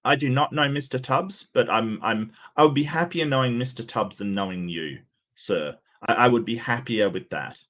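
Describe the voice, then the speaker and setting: A man hosting a livestream, giving casual sarcastic commentary with many halting restarts. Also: medium pitch, a bit bright. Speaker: livestream host.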